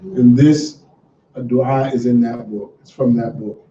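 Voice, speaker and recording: This man leads a religious class, speaking a little slowly at medium pitch in a relaxed, encouraging, conversational tone before reading a prayer to the group. A little hiss or hum is present, and the distant mic leaves the sound dull and roomy.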